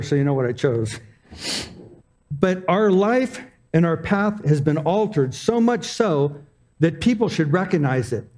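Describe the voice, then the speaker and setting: A man's voice: high-pitched, darkish tone. A man preaching a sermon, telling self-deprecating personal stories in a conversational way. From Arizona. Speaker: pastor.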